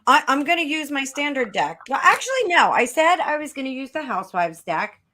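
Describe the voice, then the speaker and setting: A middle-aged woman with a New Jersey accent, chatting casually as a tarot reader on a live video call, quick asides and frequent laughter. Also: sits high, big pitch swings, pushed and bright, a little hiss or hum. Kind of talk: casual chat. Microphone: webcam on a video call.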